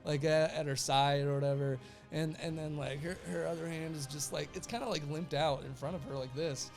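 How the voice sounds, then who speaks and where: A man's voice: on the high side, steady tone, a little fast, soft background music. A young adult man casually recapping a show episode, rambling with fillers and laughing often. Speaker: show reviewer.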